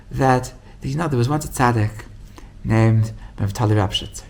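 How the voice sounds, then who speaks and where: A man teaching as a rabbi, telling a story with lively acted-out quotes and frequent restarts. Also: moderate pace, creaky, few pauses, a little hiss or hum. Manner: animated storytelling, acts out quoted voices with big pitch jumps; many restarts and repeated words. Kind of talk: storytelling Torah class.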